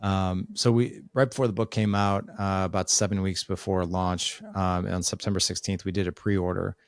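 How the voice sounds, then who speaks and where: A middle-aged man with a very deep voice, speaking as a podcast guest. He tells family stories and slips into the voices of the people in them. The recording is dry and close. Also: little pitch movement, normal speed, dry recording. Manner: storytelling, acts out family dialogue. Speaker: guest, author and father. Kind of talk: conversational podcast interview.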